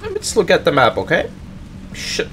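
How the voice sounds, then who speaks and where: A man with a high voice talks fairly fast over a bit of hiss or hum. He runs a gaming channel, giving excitable, jokey let's-play commentary and speaking directly to his viewers.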